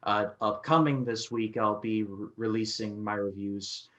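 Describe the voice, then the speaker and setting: A man co-hosts a casual film podcast. His voice sits somewhat low, and he rambles through restarts while retelling scenes. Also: steady tone, unhurried, a bit bright. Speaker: co-host and film reviewer. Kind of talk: casual film review chat.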